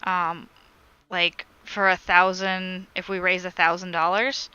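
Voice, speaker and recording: A woman's voice: fairly low pitch, level tone, slow pace, sharp tone, clear, resonant tone, no echo, dull audio. A woman on a crochet live stream, chatting casually as she reads viewer comments aloud and answers them.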